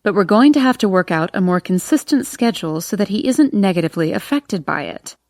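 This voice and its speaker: Audiobook: woman reading a firm, controlling grandmother, mid pitch, dry close recording. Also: expressive, a little fast, darkish tone, dry recording, lightly acted. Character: stern middle-aged grandmother, controlling and firm.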